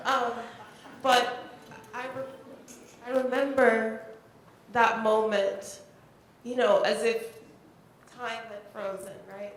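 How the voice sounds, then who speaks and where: A woman, telling a heartfelt personal story as a panelist at a symposium, with many pauses and fillers. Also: steady tone. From Jamaica. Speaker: poet and panelist. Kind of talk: symposium speech. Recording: very echoey hall, faint rumble.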